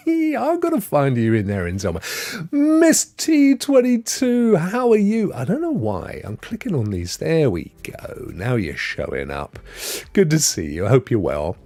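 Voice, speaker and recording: A man's voice: on the low side, huge pitch swings, moderate pace, a little mellow. Chatty man hosting a livestream. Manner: chatty, greets viewers by name, rambling asides. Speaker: livestream host. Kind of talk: casual live stream chat.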